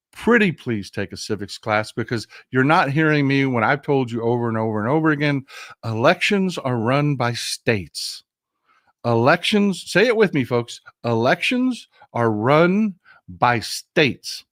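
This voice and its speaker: A Texas man hosts a casual political livestream, speaking directly to his viewers with animated profanity and calling them folks. His voice is mid-range, and the audio is studio quality with no echo.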